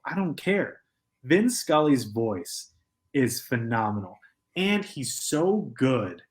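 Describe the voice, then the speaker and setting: A man co-hosting a sports podcast in a studio, talking in a measured way and building his points with pauses. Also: medium pitch. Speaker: podcast co-host. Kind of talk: casual sports chat.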